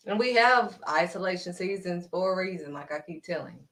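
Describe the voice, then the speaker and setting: A woman preaching in a livestream sermon, animated and calling listeners honey. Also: on the low side, a little fast, few pauses, a little hiss or hum.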